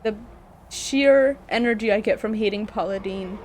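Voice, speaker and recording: A woman's voice: mid-range voice, normal speed, a little mellow, slight background noise. A young American woman streaming a video game, chatting casually in a rambling way and laughing often. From United States. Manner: giggly, rambling, breaks into frequent laughter.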